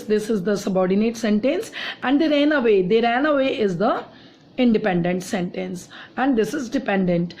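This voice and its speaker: A woman's voice: a little high, a little mellow. A woman with an Indian English accent teaching a grammar lesson, repeating each example sentence and saying "okay" often.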